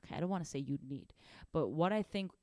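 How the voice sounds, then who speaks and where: A young woman giving a casual drum lesson, animated and rambling, often restarting her sentences. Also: low voice, fast talker, no room sound, studio quality. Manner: animated, rambling, self-correcting. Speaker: drum teacher.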